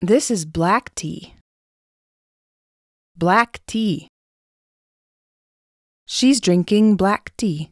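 A woman calmly names pictures for beginner learners, slowly and clearly, repeating each key word. The recording is dry and close, with no room sound. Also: mid-range voice, dry recording. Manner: clear, repeats single words. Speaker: English teacher. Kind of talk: slow picture-description narration.

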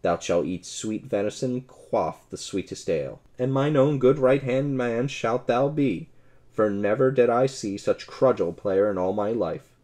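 A man's voice: unhurried, dark tone, lightly acted. A man voicing a bold, merry male outlaw leader in an audiobook, speaking in old-fashioned hearty tones. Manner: old-fashioned hearty speech, raised pitch.

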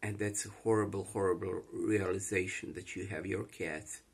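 A man's voice: sits low, steady tone, normal speed, creaky, slightly rough. A man with a Croatian accent, distressed, rambling and repeating himself in an emotional confessional vlog monologue. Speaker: vlogger.

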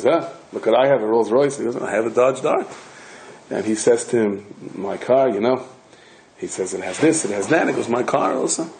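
A man's voice: mid-range voice, slight background noise, low-quality recording. An older man giving a lecture as a rabbi, telling stories with humor and many restarts. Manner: animated, joking storyteller with many restarts. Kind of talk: storytelling Torah lecture.

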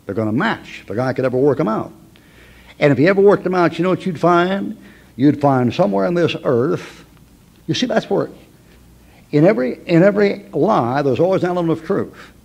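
A man's voice: on the high side, animated, a little fast, creaky, a little mellow. A man teaching a Bible class in a folksy, emphatic way, with chuckling asides.

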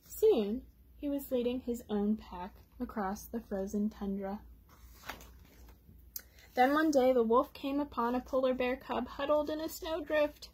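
Breathy woman reading a children's story. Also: high-pitched, measured pace. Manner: gentle, explains words for kids. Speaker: storytime reader. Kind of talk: children's storytime read-aloud.

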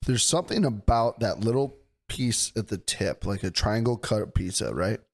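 A young man with a hoarse, worn-out voice, chatting excitedly and swearing freely as a podcast co-host. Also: on the low side, normal speed. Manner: excitable, swears a lot, laughs often. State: hoarse, voice mostly gone. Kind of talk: casual chat.

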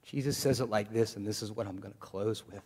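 A male pastor preaching a sermon to his congregation in a lively, joking manner. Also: lowish voice, fast, husky. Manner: animated preaching, jokes with the congregation. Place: church sanctuary. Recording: long hall reverb.

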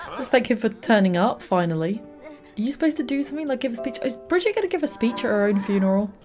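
A woman's voice: on the high side, animated, fast talker, a little mellow, soft background music. A young woman hosting a let's play, chatting and reacting aloud to the game with frequent little laughs. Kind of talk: gameplay commentary.

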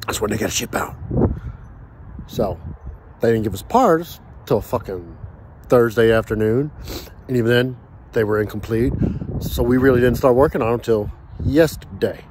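A man's voice: mid-range voice, moderate pace, pauses often, darkish tone, a little hiss or hum. A man ranting casually and profanely about his work week while grilling outdoors. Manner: profane, heated storytelling. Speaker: vlogger.

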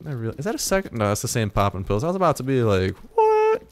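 Excitable young man gaming commentary. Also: quick pace. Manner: excitable, swears, jumps into high-pitched yelps when startled. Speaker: gaming YouTuber. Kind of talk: let's-play commentary.

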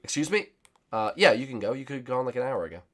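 A young man hosting a gaming channel, giving excitable, teasing commentary with sudden shouts. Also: mid-range voice, fast talker. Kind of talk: casual game commentary.

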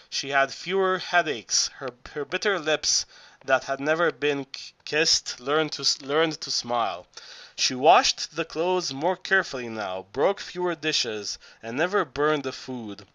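A man narrating an audiobook in a halting reading voice, often stumbling and restarting words. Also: fairly high pitch, expressive, bright, forceful tone, no room sound.

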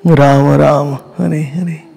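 A man giving a slow, emotional devotional talk, often dropping to a whisper and chanting. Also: a little high, level tone, gravelly, warm tone, breathy edge, faint music behind. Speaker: spiritual teacher.

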